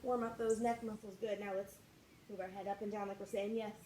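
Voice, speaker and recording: A young woman leading a children's martial arts warm-up class, coaching in an upbeat, sing-song way. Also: mid-range voice, flat delivery, fairly quick. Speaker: kids martial arts instructor. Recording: echoey room with faint ambient noise.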